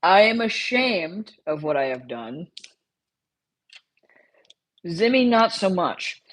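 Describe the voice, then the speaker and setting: A woman streamer in a loose live-stream chat, talking straight to her viewers. Her voice sits a little low, and she drawls slowly, circling back and repeating herself as she rambles. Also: sing-song, low-quality recording.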